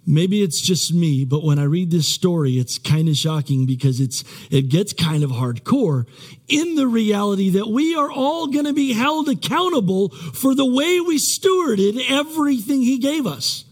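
A man's voice: sits high, lively intonation, moderate pace. A male pastor preaching a sermon in a conversational, rambling way, with many restarts and self-deprecating asides.

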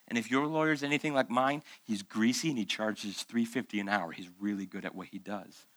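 Guy preaching at church, bright punchy voice, asks the crowd a lot of questions, dry close sound. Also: on the low side, fairly quick, hardly any pauses, no room sound. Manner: conversational preaching, rhetorical questions, acts out quoted voices. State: recovering from months of illness. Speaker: pastor. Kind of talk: sermon.

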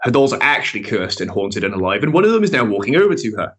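A man telling a story in casual chat, animated, swearing and laughing often. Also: on the low side, quick pace. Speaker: podcast regular telling a story.

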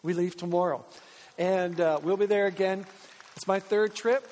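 A man's voice: high voice, steady tone, normal speed, a little mellow. A man, a pastor from Canada, preaching a conversational sermon with joking asides and acted-out dialogue. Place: church sanctuary. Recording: church hall reverb.

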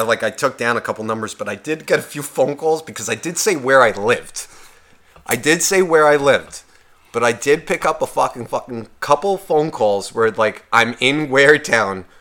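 Young guy on a podcast, bright voice, cussing nonstop, doing all the voices in his bar story. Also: medium pitch. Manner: profane, animated storyteller acting out dialogue. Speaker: podcast co-host. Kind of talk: casual storytelling chat.

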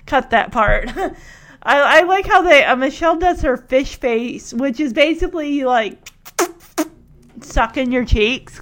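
Woman, high-pitched, casual and giggly episode recapper who acts out the dialogue. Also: expressive. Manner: chatty, giggly, acts out quotes in quick voices.

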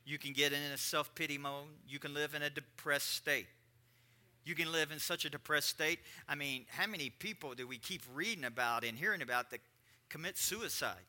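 Man, pastor, sermon, high voice, very bright tone, repetitive emphatic delivery. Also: normal speed. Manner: conversational preaching with repetition and emphatic swings.

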